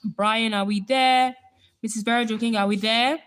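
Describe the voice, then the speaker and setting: A woman's voice: on the high side, steady tone, moderate pace, a bit bright, clean tone. A young woman hosting a casual live stream, chatting with viewers and laughing often. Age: young adult.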